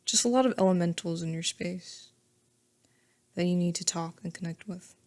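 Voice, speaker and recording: A woman's voice: lowish voice, normal speed, darkish tone. A woman giving a casual tarot reading to camera, chatty and thinking aloud, often laughing at herself. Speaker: tarot reader.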